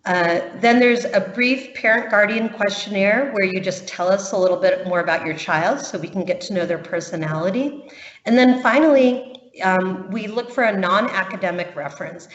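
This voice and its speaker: A woman's voice: mid-range voice, normal speed, fairly bright tone. Woman explaining admissions in a webinar. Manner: patient, reassuring, with frequent ums. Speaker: camp admissions presenter. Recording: muffled, roomy webinar audio.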